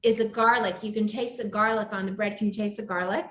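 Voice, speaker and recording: A woman's voice: mid-range voice, steady tone, fast talker. A woman hosting a live cooking show from her home kitchen, chatting with enthusiasm and gushing over the food. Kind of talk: live cooking demo chat. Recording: echoey room.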